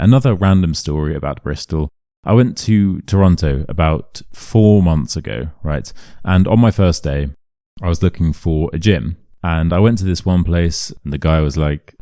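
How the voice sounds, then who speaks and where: A man's voice: deep voice, no room sound, clean studio sound. A young English man with a modern RP accent, an English teacher chatting animatedly and telling stories while walking outdoors through city streets. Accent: modern RP British English. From England. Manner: chatty, animated storyteller who acts out voices. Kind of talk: casual walk-and-talk vlog storytelling.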